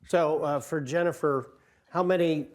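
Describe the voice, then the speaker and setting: A guest speaker in his sixties talks informally to a community hall audience over a microphone, speaking a little slowly in a voice on the high side. He fills the talk with career stories and jokes, often at his own expense.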